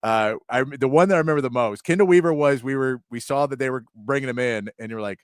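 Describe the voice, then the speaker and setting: A man's voice: medium pitch, fast talker, smooth, dry recording. A man hosting a sports talk show, chatting casually with many asides and frequent laughs.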